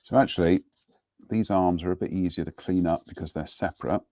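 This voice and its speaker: A man's voice: deep voice, steady tone, fairly quick, mellow, no room sound. A middle-aged man hosting a live model-building broadcast from his home workbench, chatting in a rambling, self-deprecating way. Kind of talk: casual live demonstration and chat.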